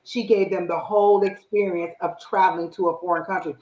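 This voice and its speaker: Animated woman, low voice, echoey room. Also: a little fast. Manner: animated, acts out her own inner voice and quotes. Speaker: psychic reader, live stream host. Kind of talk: casual spiritual advice talk.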